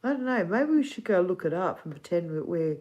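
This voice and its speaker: A woman's voice: fairly low pitch, sing-song, a little fast, muffled recording. A middle-aged Australian woman hosting a casual livestream, rambling and giggly, swearing casually. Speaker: livestream host.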